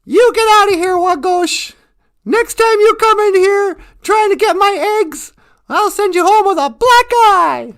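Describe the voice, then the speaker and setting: A man doing a shrill, furious hen. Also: a little slow, full character voice. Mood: scolding. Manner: loud shrill scolding. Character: angry hen guarding her eggs.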